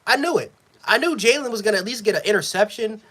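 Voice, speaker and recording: Animated frustrated man reacting live. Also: high-pitched, fast. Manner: frustrated, repetitive, swings from yelling to muttering; profane. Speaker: sports fan streamer.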